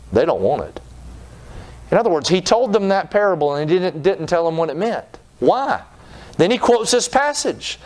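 A man's voice: on the high side, very animated, normal speed. A man preaching a sermon, retelling scripture in folksy terms and putting on voices for its people. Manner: folksy storytelling, acting out the people in his stories. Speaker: pastor.

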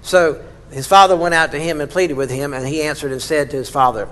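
A man's voice: a little high, steady tone, brisk, few pauses, fairly bright tone. A male pastor preaching a sermon in a church, shifting from casual talk to dramatic emphasis. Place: church sanctuary. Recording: long reverb in a large hall.

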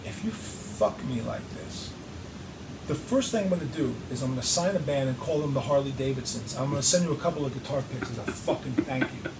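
A man telling an animated, profane story in an interview, acting out both sides of phone calls. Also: mid-range voice, quick pace. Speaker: guest musician. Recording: roomy echo, distant mic, clear background noise.

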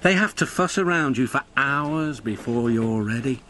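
A man's voice: mid-range voice, expressive, normal speed, bright, forceful tone, slight background noise. A man voicing a sneering, boastful diesel engine. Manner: scornful, smug.

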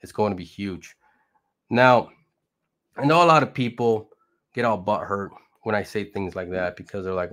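A man's voice: fairly low pitch, normal speed, pauses often, fairly bright tone. Brash, foul-mouthed man hyping crypto. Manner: profane, brash, hype-driven, laughs mid-sentence. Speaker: crypto channel host. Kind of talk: casual motivational rant to camera.

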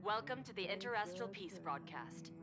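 A woman voicing a formal news anchor in a video game, reading stories with crisp newsreader delivery. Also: medium pitch, expressive, normal speed, over loud music, close to an everyday voice.

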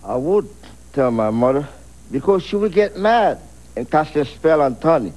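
A man's voice: a little high, very animated, moderate pace, darkish tone. A man playing a contestant on a radio dating game, giving blunt, odd answers.

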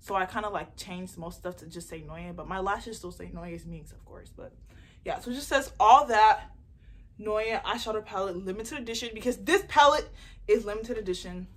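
A young woman chatting casually in an unboxing vlog, excitable and rambling as she talks about her beauty business, recorded on a phone. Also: mid-range voice, normal speed. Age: young adult. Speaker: beauty entrepreneur and vlogger. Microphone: phone camera mic.

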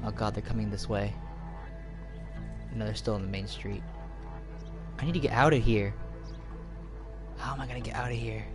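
A gaming host giving excitable let's play commentary, with shrieks and panicked outbursts. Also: mid-range voice, moderate pace, long pauses, over music.

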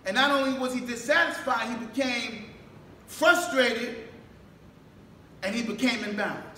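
A man delivers a sermon with a very high, bright, forceful voice. He asks question after question, waits for the congregation to answer, and rises to shouts. He was recorded from a distance in a roomy, echoing hall. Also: steady tone, measured pace. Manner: rhetorical questions, calls for responses, builds to shouts. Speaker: mosque minister. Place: mosque hall. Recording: echoey room, distant mic, faint background noise.

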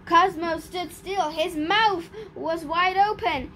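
A woman reading a children's picture book aloud in an expressive, careful storytelling manner. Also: very high voice, slow pace, a little hiss or hum. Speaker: storybook reader.

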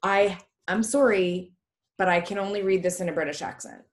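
A woman's voice: mid-range voice, normal speed, a little hiss or hum. A young woman who teaches a reading class online, in an upbeat, chatty and encouraging way over a video call. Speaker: reading tutor. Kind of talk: casual online class talk.

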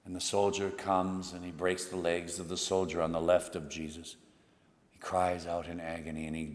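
A man preaching a homily as a priest, telling the story dramatically and moving between hushed and emphatic delivery. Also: deep voice. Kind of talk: sermon. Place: church. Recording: long church reverb.

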